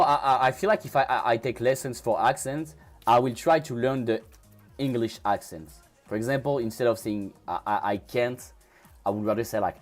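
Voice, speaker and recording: A man's voice: lowish voice, darkish tone. French-accented man chatting on a live stream. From France. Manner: casual, chatty, frequent restarts and repeated words. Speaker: crypto trading livestreamer. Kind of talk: live-stream chat, answering viewers.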